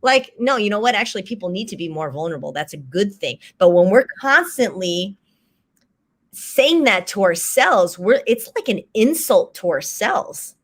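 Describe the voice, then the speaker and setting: A woman's voice: medium pitch, moderate pace. A woman guest chatting casually, animatedly acting out little quoted exchanges as she explains her point. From grew up in a Chinese cultural setting. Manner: animated, acts out quoted phrases. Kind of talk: casual conversational chat.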